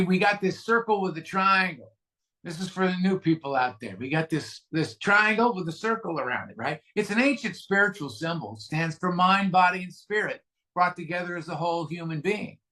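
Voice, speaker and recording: A man gives a candid, self-mocking recovery share. His voice sits high for a man and sounds bright and forceful. He tells his story plainly and often restarts his sentences. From California, USA. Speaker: guest speaker at a recovery meeting.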